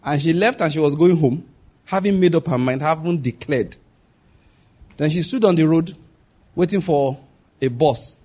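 A pastor preaches with a voice that sits somewhat high for a man. He reads scripture slowly and deliberately, then hammers home key phrases by repeating them. His delivery is emphatic throughout. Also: a little mellow, breathy edge. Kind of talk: sermon.

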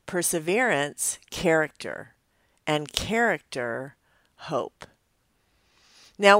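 A low-pitched woman gives a devotional teaching, earnest and reflective in tone. She talks conversationally, as if to a friend. The sound is dry and close, with no room echo. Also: fairly bright tone. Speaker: pastor.

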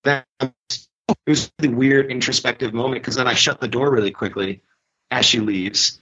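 A man telling a personal story in casual chat. He talks in a rambling, self-correcting way and gets animated when he quotes people. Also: mid-range voice, moderate pace, slightly rough, highs cut off. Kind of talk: casual anecdote.

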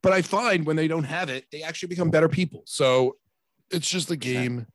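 A man's voice: a little high, fairly quick, no echo, studio quality. A man in his thirties or forties, a podcast co-host, telling a family story in casual chat and acting out the dialogue with exasperation. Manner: animated, exasperated, acts out quoted dialogue.

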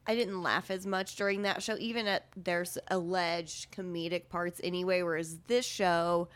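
A woman's voice: fairly low pitch, fairly even intonation, normal speed, smooth. A woman co-hosting a podcast in casual chat, talkative and peppered with "you know". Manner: chatty, fillers, frequent "you know". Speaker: podcast co-host.

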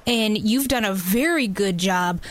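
A woman's voice: mid-range voice, measured pace. A woman hosting a radio interview in a chatty, enthusiastic way. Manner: enthusiastic, chatty, laughs easily. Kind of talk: casual interview chat.

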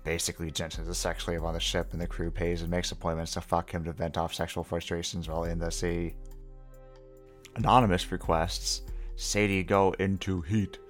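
A man hosting a comedy show, reading listener requests aloud in a dry voice that jumps into loud bursts. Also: deep voice, flat delivery, moderate pace, soft background music.

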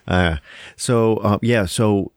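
A young man with a low voice chats casually about a film he just watched, rambling and swearing freely. His voice sits close and dry, with no room around it. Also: slow pace, clean tone, dry recording. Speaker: podcast co-host. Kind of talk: casual movie review chat.

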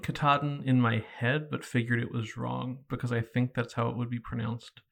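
A man's voice: mid-range voice, level tone, moderate pace, creaky. A man in his thirties from Virginia co-hosting a podcast, musing and a bit hesitant in casual chat. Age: 30s. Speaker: podcast co-host.

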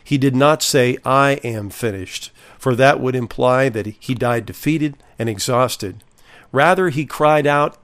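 A man preaching a sermon, reading scripture and stressing key phrases in a slow, deliberate delivery. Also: mid-range voice. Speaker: pastor.

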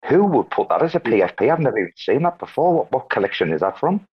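A man hosting a casual live audio chat with loud, joking banter and free swearing. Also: mid-range voice, very animated, quick pace, husky. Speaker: host. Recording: dull lo-fi online audio.

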